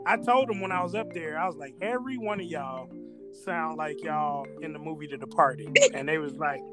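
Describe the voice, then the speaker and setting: A man's voice: on the high side, normal speed, music in the background. A man co-hosting a casual talk show, joking around and slipping into mock impressions. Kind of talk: casual chat.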